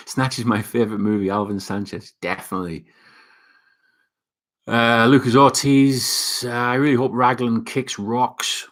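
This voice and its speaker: A man's voice: mid-range voice, steady tone, a little slow, long pauses. Casual British man reading live chat. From Britain. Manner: reads viewer comments aloud, laughs often, swears casually. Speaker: livestream host reading chat.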